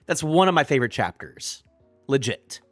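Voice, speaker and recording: Excitable rambling man, lively pitch. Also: moderate pace, no room sound, faint music behind. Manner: rambling, restarting sentences, excitable. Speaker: streamer reacting to a manga chapter. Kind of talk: live reaction commentary.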